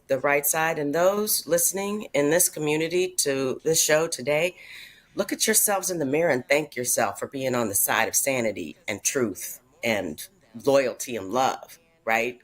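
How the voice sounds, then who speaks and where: A woman's voice: low-pitched, lively intonation, moderate pace. A woman speaking earnestly and from the heart as a regular on a radio talk show, in casual conversation. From Chicago area. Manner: earnest, heartfelt, tearful at times.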